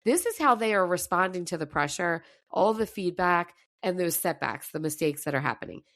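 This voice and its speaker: A woman's voice: on the low side, expressive, normal speed, a bit bright, dry recording, studio quality. A woman coach giving a fired-up motivational talk, her voice slightly scratchy. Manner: emphatic, fired up. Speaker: mental performance coach.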